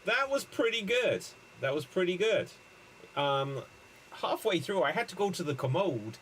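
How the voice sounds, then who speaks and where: A man's voice: high-pitched, very animated, a bit bright, slight background noise, low-quality recording. Jokey improv host, man. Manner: breezy, jokey, quick asides. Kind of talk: comedy improv hosting.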